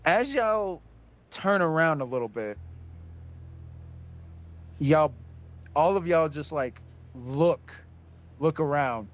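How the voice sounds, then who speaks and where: A man's voice: on the high side, lively intonation, takes it slowly, long pauses, low-quality recording. A man narrating a tabletop game as game master, casual and often repeating himself.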